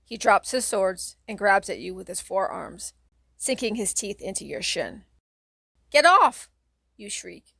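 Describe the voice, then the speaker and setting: A woman narrates a children's horror book in the second person, dramatic and steady. Her voice carries a gravelly fry, at an ordinary pitch for a woman. The recording is dry and close. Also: no echo. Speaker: audiobook reader.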